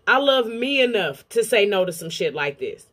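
A woman giving blunt, profane reaction commentary on a clip, with a mellow tone. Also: mid-range voice, expressive, normal speed.

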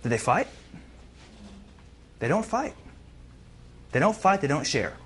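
A man speaking as a guest at a university class, answering a question in a lively lecture full of rhetorical questions that he answers himself. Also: on the high side, takes it slowly, breathy edge. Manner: animated, asks rhetorical questions and answers them. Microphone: filmed broadcast recording.

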